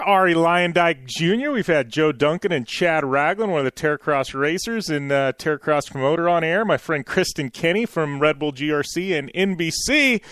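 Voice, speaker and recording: A man's voice: on the high side, animated, moderate pace, few pauses, fairly bright tone, no echo, clean studio sound. A man hosting a radio show in casual chat, hesitant and full of "uh"s. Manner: hesitant, many "uh"s, laughs easily. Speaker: radio host.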